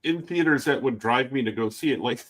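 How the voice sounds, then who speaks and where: A man's voice: mid-range voice, brisk, fairly bright tone. A man with a wife and son chatting casually as a co-host, telling stories and laughing at them. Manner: chatty storyteller, laughs at his own stories. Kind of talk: casual chat.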